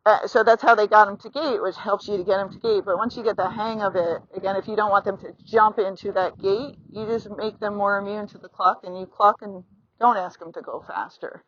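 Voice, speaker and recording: Speaking a little fast in a medium-pitched voice with fairly even intonation, a middle-aged woman teaches riding outdoors while mounted. She is talkative and supportive, voicing the thoughts of horse and rider. A phone on the rider records her, giving slightly dull lo-fi audio with no room sound.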